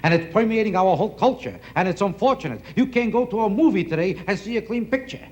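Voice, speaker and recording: A man's voice: high-pitched, animated, fast. A man with a New York Jewish accent doing a stand-up routine, firing off rhetorical questions in a sing-song delivery. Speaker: stand-up comedian. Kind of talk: stand-up routine to a studio audience. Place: TV studio stage with live audience. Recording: old TV broadcast, loud crowd laughter and noise.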